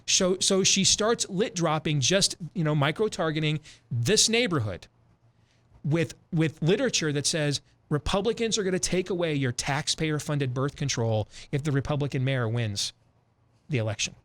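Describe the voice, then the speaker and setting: A man hosting a talk show, retelling a film in an emphatic, animated way with frequent repetitions. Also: on the high side, moderate pace. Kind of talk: opinionated radio talk.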